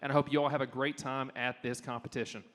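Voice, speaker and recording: A man from North Carolina competing as an auctioneer, calling bids in a fast steady chant. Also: medium pitch, a little hiss or hum. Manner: fast monotone bid chant. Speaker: auctioneer contestant. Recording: long hall reverb.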